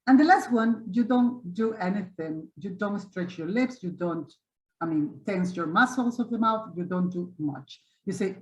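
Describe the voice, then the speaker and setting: A woman's voice: mid-range voice, animated, a little mellow, echoey room. Woman teaching English vowels. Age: 50s. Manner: patient, demonstrative, repeats and models vowel sounds slowly. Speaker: English teacher hosting a webinar. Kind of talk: online teaching webinar. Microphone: video call. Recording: lo-fi video call audio.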